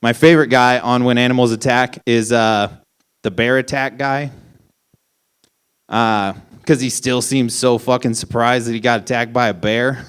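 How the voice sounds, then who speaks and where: A man's voice: mid-range voice, a little slow, long pauses, clean tone. A young man performing a stand-up comedy set, ranting incredulously with lots of swearing. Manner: profane, incredulous, ranting punchlines.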